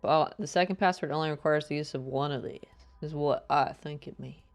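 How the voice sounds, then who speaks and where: A woman streaming a game live, chatting casually and playfully with her viewers and greeting them in a high sing-song voice. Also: brisk, soft background music. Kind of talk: casual live-stream chat while gaming.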